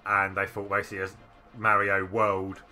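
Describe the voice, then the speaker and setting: A man's voice: low-pitched, monotone, normal speed, pushed and bright. A man co-hosting a game stream, chatting casually and sharing trivia about old games. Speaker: streamer co-host. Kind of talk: casual chat while watching games.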